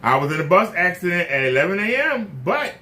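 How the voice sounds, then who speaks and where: A man's voice: high-pitched, big pitch swings, a little fast, pushed and bright. A man hosting his own channel, ranting indignantly to the camera with repeated rhetorical questions. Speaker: YouTube channel host. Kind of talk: casual rant to camera.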